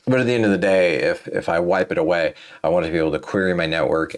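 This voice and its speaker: Tired, low-voiced man thinking aloud. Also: fast talker, few pauses. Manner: rambling, thinking aloud with many fillers and restarts. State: tired, yawning. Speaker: programming tutorial host. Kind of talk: casual coding walkthrough.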